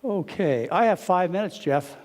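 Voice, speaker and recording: A man lectures an audience as a doctor, his slightly high voice rising sharply as he acts out conversations. The sound rings out with the long reverb of a lecture hall. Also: normal speed. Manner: animated storytelling, quotes others with raised voice. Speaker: physician lecturer.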